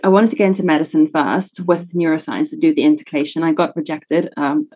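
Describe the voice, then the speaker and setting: A woman's voice: low voice, fairly even intonation, fast, dark tone. A woman in her thirties with a British South African accent, a neuroscientist guest chatting casually in a podcast interview, laughing often and poking fun at herself. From born in Italy, raised in South Africa.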